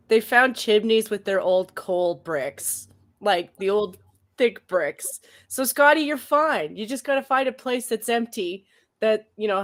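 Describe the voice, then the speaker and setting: A woman co-hosting a casual talk show, chatty and animated, often laughing as she talks. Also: mid-range voice. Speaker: show co-host. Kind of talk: casual chat.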